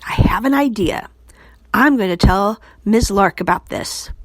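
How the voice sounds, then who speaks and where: A woman's voice: mid-range voice, unhurried, dry recording, natural voice. A woman voicing a kind, cheerful woman schoolteacher who sounds friendly and encouraging.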